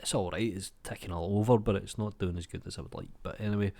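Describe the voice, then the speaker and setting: A man in his young adult years talks through viewer comments in a loose, unhurried way, swearing freely and calling everyone mate. His voice sits a little low, and he sounds like he is getting over a cold. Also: fairly even intonation, vocal fry, warm tone. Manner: laid-back, swears freely, says mate a lot. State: has a cold. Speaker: YouTube creator. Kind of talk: casual chat reading viewer comments.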